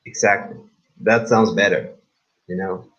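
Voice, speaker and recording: Halting Spanish-accented man teaching. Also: fairly low pitch, fairly even intonation, fairly bright tone. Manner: halting, repeats words, many fillers. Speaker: English pronunciation teacher. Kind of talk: live class instruction. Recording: dull lo-fi recording.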